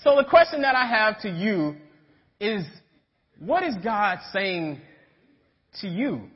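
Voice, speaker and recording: A man's voice: sits high, sing-song, slow pace. A young man preaching a casual sermon, telling stories and checking in with his listeners. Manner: storytelling, checks in with "right?". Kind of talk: conversational sermon. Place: church sanctuary. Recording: dull sound with long church reverb.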